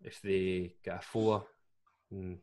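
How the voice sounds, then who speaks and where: Chatty Scottish man, lowish voice. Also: level tone, slow pace, warm tone. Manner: chatty, jokey, laughs often. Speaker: podcast co-host. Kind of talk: casual chat.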